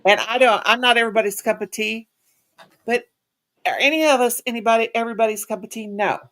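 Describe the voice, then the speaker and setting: A channel host with a fairly high, steady, fairly bright voice speaks quickly as she runs a casual live chat. She rambles in a folksy way, tossing out Southern-style endearments like "sugar" and "honey."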